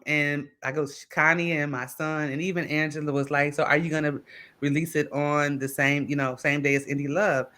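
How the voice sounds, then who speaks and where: A woman author, chatting casually and telling stories with lively acted-out quotes. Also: deep voice, clean tone. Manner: animated storytelling with voiced quotes. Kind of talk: casual panel chat.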